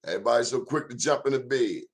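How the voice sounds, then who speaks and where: A man hosts his own show and talks straight to the audience. His delivery is emphatic and preachy, full of folksy sayings. His voice sits at an ordinary, middle pitch for a man. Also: quick pace. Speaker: show host. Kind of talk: talk show monologue.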